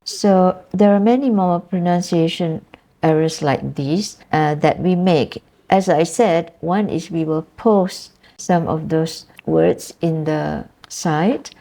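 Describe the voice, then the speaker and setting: A middle-aged Malaysian woman lectures on English pronunciation, spelling words out letter by letter in an unhurried, explanatory way. Her Malaysian English accent sits on a low, mellow voice with a gravelly edge of fry. She takes her time over each word. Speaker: university lecturer.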